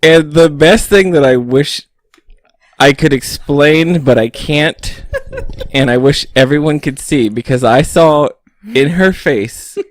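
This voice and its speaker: A man co-hosting a podcast, telling a story slowly and laughing often. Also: on the high side. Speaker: podcast co-host. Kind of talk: casual chat.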